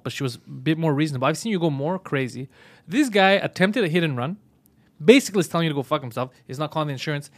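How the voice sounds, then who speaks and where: A man's voice: on the high side, no echo. A man co-hosting a podcast, teasing his friend in casual banter, often mimicking him. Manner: fast, teasing, mocking impressions. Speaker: podcast co-host.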